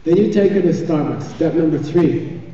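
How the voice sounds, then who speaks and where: In a large teaching hall, a man with a slightly high, mellow voice and a moderate pace delivers a live dharma teaching. His manner is chatty and joking, with frequent check-ins with listeners. The sound is dull and echoey, recorded far from the mic.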